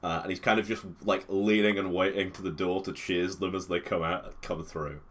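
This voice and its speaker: A man's voice: sits low, little pitch movement, normal speed, fairly bright tone. A man playing a tabletop game, describing his character hesitantly with many fillers. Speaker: player. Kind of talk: casual tabletop play.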